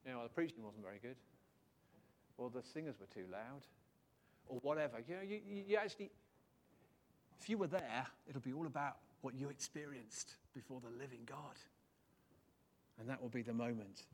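A man preaching a sermon in church, animated and jokey, swinging his pitch and loudness for emphasis. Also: normal speed, long pauses, slight background noise.

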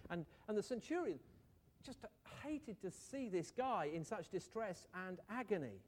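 A man with a slightly higher voice preaching a sermon. He talks to his listeners conversationally, asks rhetorical questions and now and then acts out what the people in the story might have said. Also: very animated, a little slow, slight background noise.

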